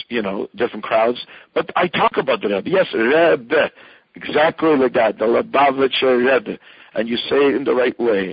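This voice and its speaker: Older male rabbi, husky and impassioned, dry dull recording. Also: medium pitch, dry recording. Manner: fervent, repetitive, mixes in Yiddish and Hebrew phrases. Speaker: Chabad rabbi. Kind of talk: impassioned interview answer.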